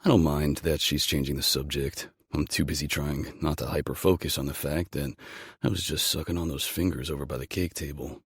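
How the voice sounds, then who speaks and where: A man narrating a romance audiobook in the first person with calm, intimate storytelling. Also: rumbling low, brisk, husky, dry recording, studio quality.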